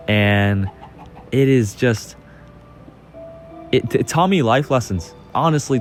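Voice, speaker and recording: Rambling, excitable young man storyteller. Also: on the low side. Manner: excitable, rambling, repeats phrases. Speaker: channel host. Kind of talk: casual storytelling over gameplay.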